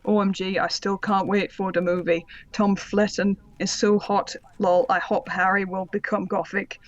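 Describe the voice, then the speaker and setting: A woman's voice: mid-range voice, level tone, moderate pace, no room sound. Sardonic woman reading aloud. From Britain. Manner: sardonic asides, laughing while reading. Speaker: podcast co-host and narrator of the reading. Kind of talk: comedic dramatic reading with commentary. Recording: slightly dull lo-fi audio.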